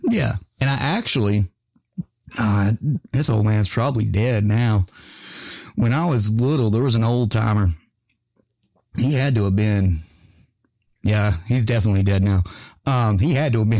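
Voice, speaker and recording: A man's voice: on the low side, a little mellow, no echo. A man hosting a casual podcast chat. He laughs often, swears freely and tells stories with lots of animation. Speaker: podcast host.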